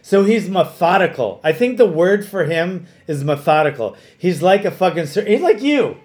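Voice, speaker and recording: A middle-aged man with a fairly high voice chats on a podcast. He tells stories in an animated, rambling way, full of fillers and restarts. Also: moderate pace. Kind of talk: casual chat.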